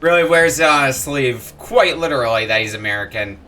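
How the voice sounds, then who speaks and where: A man's voice: mid-range voice, animated, fairly quick, pushed and bright, faint music behind. A man streaming a video game, chatting casually and playfully with his viewers. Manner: chatty and playful, laughs easily. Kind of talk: casual gameplay commentary.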